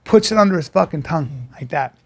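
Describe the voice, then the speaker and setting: A man co-hosting a podcast, telling a story in casual chat, animated and swearing freely. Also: on the high side, brisk, breathy edge. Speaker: podcast co-host.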